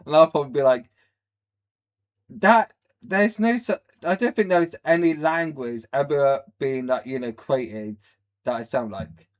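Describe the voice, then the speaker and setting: Ranting man, slow and blunt. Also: fairly high pitch. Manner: blunt, rambling, mocking. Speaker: livestream host. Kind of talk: ranting reaction commentary on a live stream.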